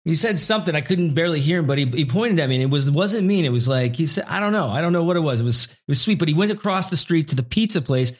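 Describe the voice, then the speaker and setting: A man's voice: on the high side, lively intonation, fast, few pauses. A man, an actor, chatting casually and eagerly sharing anecdotes. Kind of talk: casual chat.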